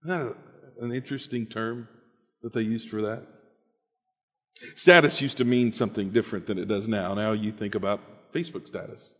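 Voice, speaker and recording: A man's voice: lowish voice, moderate pace. A man preaching a sermon in a conversational, emphatic storytelling manner. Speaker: pastor. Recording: echoey hall.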